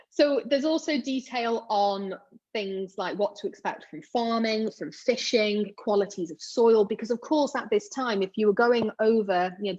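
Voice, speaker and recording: A woman's voice: medium pitch, a little mellow, muffled recording. A woman chatting casually about old emigrant guides, with fillers, asides and self-deprecating remarks. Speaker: genealogy blogger. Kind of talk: casual explainer monologue.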